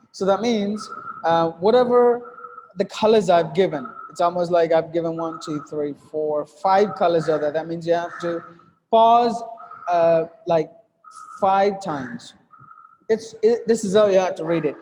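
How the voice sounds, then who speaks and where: A man's voice: on the high side, a little mellow, big-room sound, a little hiss or hum. A man teaching an English lesson while writing on a board, with many fillers and restarts, often repeating "look at that.".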